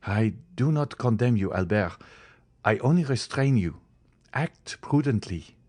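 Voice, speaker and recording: A man voicing a cautious young friend who speaks in a calm, measured, restraining way. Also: lowish voice. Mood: cautioning.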